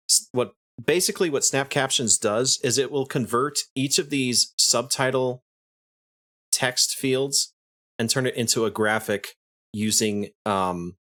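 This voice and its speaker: A man's voice: medium pitch, a bit bright. A man who streams, casually walking through his video editing on screen while thinking aloud, restarting sentences and chuckling now and then. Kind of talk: casual screen-share tutorial.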